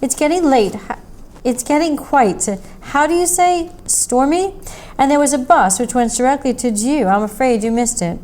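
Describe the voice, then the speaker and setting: A woman's voice: high voice, moderate pace, a little mellow, pitched above the performer's own voice, close to an everyday voice. Woman doing a chatty male roadside traveler, thick accent. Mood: wistful. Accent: thick put-on accent. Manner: chatty, folksy storyteller. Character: thin scrawny male Indian roadside traveler, talkative.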